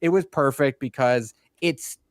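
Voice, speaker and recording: A man co-hosting a casual podcast, talking in an animated way with many stumbling restarts. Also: medium pitch, a little slow, no echo, studio quality. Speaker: podcast co-host.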